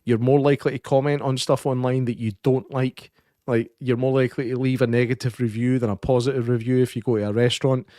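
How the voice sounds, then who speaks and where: A man's voice: medium pitch, flat delivery, quick pace, hardly any pauses, warm tone, no room sound, studio quality. A Scottish man co-hosting a podcast, telling stories in a rambling, self-correcting way in casual chat. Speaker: podcast co-host.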